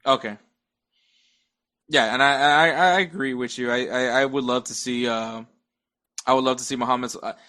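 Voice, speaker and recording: Bright, stammering young man. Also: medium pitch, steady tone, normal speed, long pauses. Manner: stammers and restarts often, chuckles between points. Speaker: podcast guest. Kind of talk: casual sports chat.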